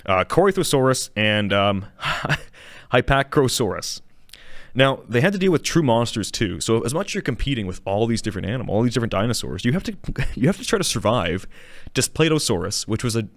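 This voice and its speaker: Low-voiced man chatting about dinosaurs. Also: no room sound, clean studio sound. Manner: rambling, self-correcting, chuckling. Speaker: show host. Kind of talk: casual educational talk on dinosaurs. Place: small studio.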